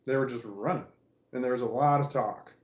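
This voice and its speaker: Man, livestream host. Rambling, profane storyteller, middle pitch, echoey living room. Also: a little fast, a little mellow. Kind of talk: casual livestream chat.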